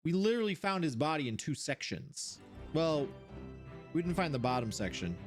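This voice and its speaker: An animated streamer, thinking aloud while playing a game, voice jumping up high when surprised. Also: moderate pace, faint music behind. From Seattle area, USA. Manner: animated, puzzling things out, sudden jumps to high pitch.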